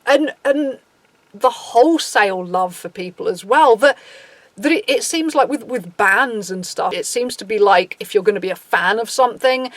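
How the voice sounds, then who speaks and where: A woman's voice: fairly high pitch, moderate pace, no room sound. A woman in her thirties with an English accent, talking through her opinions in a casual monologue, restarting often and acting out quotes. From England. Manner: chatty and opinionated, with many restarts and acted-out quotes. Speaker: podcast host.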